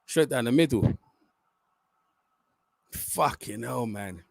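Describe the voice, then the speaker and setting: A young man reacting live to a football penalty shootout, swearing, muttering tensely and then shouting. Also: mid-range voice, expressive, slow, gravelly. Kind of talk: live watch-along reaction.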